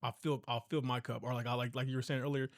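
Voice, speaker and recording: Quick-talking man musing on a podcast. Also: medium pitch, level tone, dry recording, studio quality. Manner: reflective, rambling with restarts. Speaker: podcast co-host. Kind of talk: casual podcast chat.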